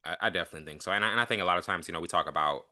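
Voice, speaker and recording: A man chats as a guest on a sports podcast, quick and animated, often acting out what people might say. His voice is lowish and very bright. He rushes through his points. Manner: rapid, animated, quotes imagined speech. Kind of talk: casual sports podcast chat.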